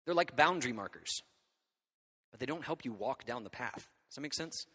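Animated man preaching in a reverberant hall. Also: mid-range voice, moderate pace, husky. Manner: animated, conversational preaching with frequent check-ins to the audience. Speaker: pastor. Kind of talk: sermon. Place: church hall.

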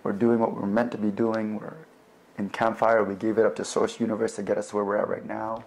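A young man telling his faith testimony in a relaxed, conversational way, with fillers and replayed conversations. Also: fairly low pitch, a little fast. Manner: animated, acts out both sides of remembered conversations. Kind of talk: personal storytelling.

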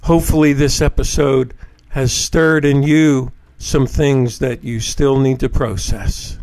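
A man hosting a podcast on addiction recovery, reading poems in a measured, solemn way and reflecting on them. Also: medium pitch, fairly even intonation, a little mellow. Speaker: podcast host and addiction counselor.

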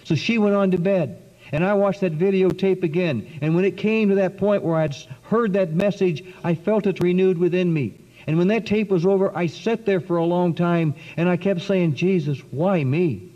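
A man giving an earnest, dramatic spoken testimony to an audience, with long pauses and sudden swings in pitch. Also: mellow. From South Carolina. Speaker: speaker giving a testimony talk. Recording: dull lo-fi 1990s recording in a long-echo hall.

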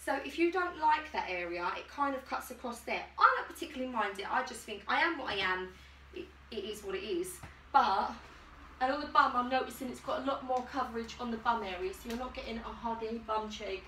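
A woman's voice: fairly high pitch, lively intonation, brisk, pushed and bright, far from the mic, slight background noise. A woman chatting in a giggly, self-deprecating way while she tries on swimwear for her vlog. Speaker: YouTuber. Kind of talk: chatty try-on haul vlog. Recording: echoey room, voice from across the room.

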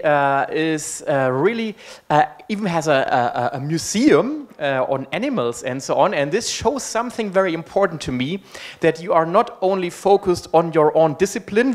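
A man from Germany with a German accent gives a public university lecture in English through a microphone, friendly and joking, with frequent ums and uhs. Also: a little high. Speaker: guest lecturer. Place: university hall. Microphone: amplified microphone.

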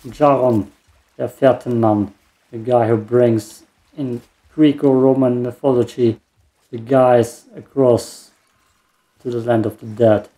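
A man's voice: medium pitch, mellow. A man giving casual let's play commentary while gaming, with meandering mumbled asides. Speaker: gaming streamer.

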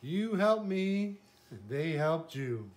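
A big, pushy dump truck from a picture book, talking in a slow, blustering way about how important he is. An older grandfather reads him aloud. He stays close to the reader's own fairly high voice. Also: sing-song. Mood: grateful.

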